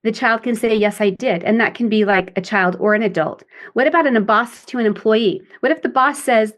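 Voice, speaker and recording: A middle-aged woman parent coach explains her ideas in a podcast interview. She has a fairly high voice and slips into acted example dialogues to make her points. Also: a little fast, a bit bright.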